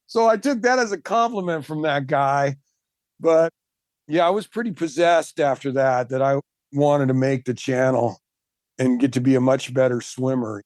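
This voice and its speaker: A man, a marathon swimmer and guest, telling his story in casual chat, animated and emphatic, laughing often. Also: on the high side, normal speed, dry recording.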